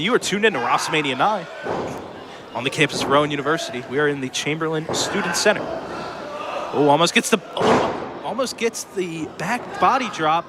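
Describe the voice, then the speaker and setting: A man calling a live college wrestling show play-by-play on a headset, excitable and joking, correcting himself as he goes. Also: on the high side, very noisy. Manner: excitable, jokey, self-correcting. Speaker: play-by-play commentator. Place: college student center wrestling event.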